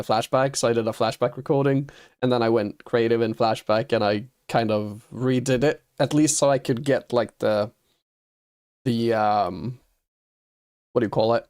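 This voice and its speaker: A man's voice: medium pitch, darkish tone, smooth. A Norwegian man, a native Norwegian speaker, chatting casually with viewers on a game livestream and chuckling often. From Norway. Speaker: streamer.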